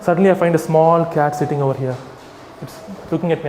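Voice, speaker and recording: A man, an animal rights activist, giving an animated talk to a live audience and addressing them directly. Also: on the high side, fast, slight background noise. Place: hall with an audience. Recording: echoey hall, faint ambience.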